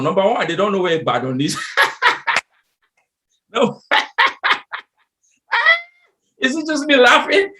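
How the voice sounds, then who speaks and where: Nigerian-born man, motivational coach on a video call, higher voice, animated storyteller. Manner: animated, wide swings in pitch and loudness, laughs at own stories. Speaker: leadership coach. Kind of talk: motivational talk to a live online audience.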